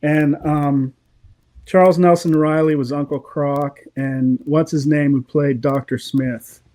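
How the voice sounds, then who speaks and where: A man, a guest in a casual interview, telling animated, opinionated stories and laughing often. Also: a little high, slow pace.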